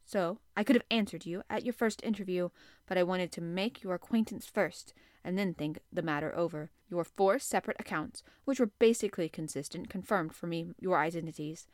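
A woman voicing a calm, commanding middle-aged male sea captain who speaks in a measured, formal way. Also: fairly low pitch, dry recording, clean studio sound, natural voice.

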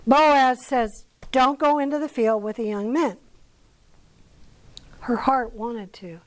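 High-voiced, unhurried American woman teaching the Bible. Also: rough recording. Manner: conversational, asks the audience questions. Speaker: women's Bible study teacher. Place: church.

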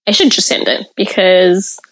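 A woman's voice: medium pitch, animated, fairly bright tone. Candid woman from Africa sharing her story. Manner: candid and reflective, pausing to gather thoughts. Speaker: podcast guest. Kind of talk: personal storytelling in an interview.

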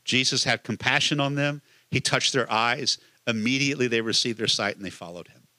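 A man's voice: medium pitch, a little fast, pushed and bright, dry recording. A man, a pastor, preaching a conversational sermon and asking the listeners many questions.

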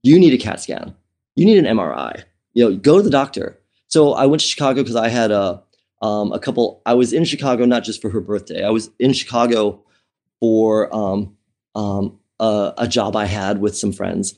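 A man's voice: lowish voice, moderate pace, darkish tone. A man telling a personal story in an interview, candid and emotional, with many fillers and restarts. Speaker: interview guest.

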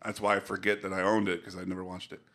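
A young man with a fairly low voice talks casually on a podcast with a friend. He rambles along and lets his sentences trail off softly. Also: completely flat delivery, racing. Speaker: podcast co-host. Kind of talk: casual chat.

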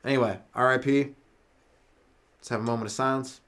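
A man's voice: medium pitch, fairly even intonation, a little fast, a bit bright, a little hiss or hum. A Canadian man hosting a solo comedy podcast, rambling loosely and swearing a lot while short on sleep. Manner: loose, rambling, swears often, laughs at own jokes. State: sleep-deprived.

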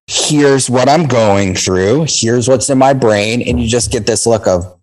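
A man's voice: medium pitch, measured pace, a little mellow, low-quality recording. A man in casual conversation, telling intense stories and swearing often. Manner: intense storytelling, heavy swearing.

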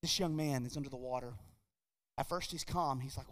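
A man preaching a sermon in a church, telling a story with animated energy and frequent restarts. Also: medium pitch, a little fast. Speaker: pastor. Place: church sanctuary. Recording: long reverb of a church hall.

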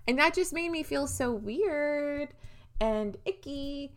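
A young woman co-hosting a casual book-club podcast who rants in an animated way and swears freely. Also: high-pitched, slow pace. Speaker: podcast co-host.

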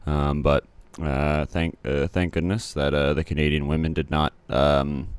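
A young man with a very deep, smooth, resonant voice talks through sports results in a loose, rambling way, full of fillers and blunt asides. The sound is dry and close, with no room around it. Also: little pitch movement, measured pace, no echo. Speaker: commentator recapping sports results. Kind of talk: casual solo commentary.

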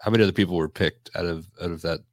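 A man's voice: low-pitched, steady tone, rapid-fire, no room sound, studio quality. A man hosting a podcast, chatting casually and reacting to the guest with short replies. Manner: brief backchannel reactions. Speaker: podcast host.

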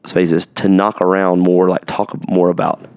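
Gravelly low-voiced man hosting a podcast. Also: level tone, moderate pace, a little mellow, no room sound, studio quality. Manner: earnest, rambling, asks for agreement. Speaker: podcast host. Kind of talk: casual podcast chat.

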